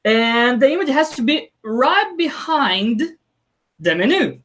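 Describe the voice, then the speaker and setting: A woman's voice: on the high side, very animated, takes it slowly, fairly bright tone. A woman practicing conversation as a student, talking in a hesitant way with non-native phrasing.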